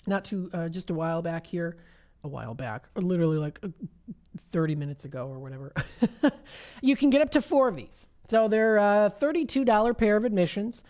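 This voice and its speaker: A woman's voice: lowish voice, a little mellow. A woman with a Midwestern American accent hosting a radio shopping show, reading menu items and deals aloud with lots of fillers in a casual way. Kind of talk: casual radio sales chat.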